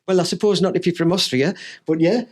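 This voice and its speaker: Teesside man, comedy podcast co-host, rambling storyteller, high voice. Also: steady tone, fast, a little mellow.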